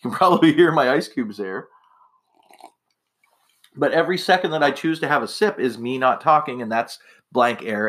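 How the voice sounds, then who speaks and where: A man hosts a casual solo podcast in a mid-range, fairly bright voice. He rambles along with many fillers and restarts, sounding a little tipsy and slightly slurring.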